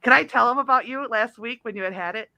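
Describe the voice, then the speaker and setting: Bright-voiced woman host telling stories. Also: fairly high pitch, fast. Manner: animated storytelling, laughs often. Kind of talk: casual chat.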